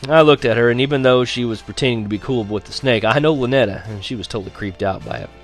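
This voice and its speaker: A man's voice: mid-range voice, fast talker, soft background music. A young man narrating a first-person story in a wry, conversational way. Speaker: audiobook narrator.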